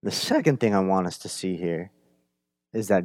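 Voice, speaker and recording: A man preaching a sermon, conversational and animated, often asking "right?", swinging from emphatic bursts to hushed lines. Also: moderate pace, long pauses, no echo. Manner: animated, builds up to emphatic high-energy retelling, drops to hushed low lines. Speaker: pastor.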